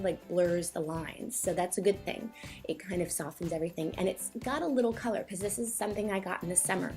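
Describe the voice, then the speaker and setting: Young woman, casual tutorial voice-over, fast and chatty, slightly out of breath, soft music under. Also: medium pitch. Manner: chatty, quick, filler-heavy. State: a little out of breath. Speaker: makeup vlogger.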